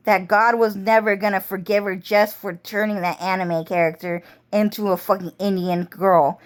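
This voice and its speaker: A woman vlogger launches into a rambling, intense monologue packed with swearing, her pitch and pace swinging widely.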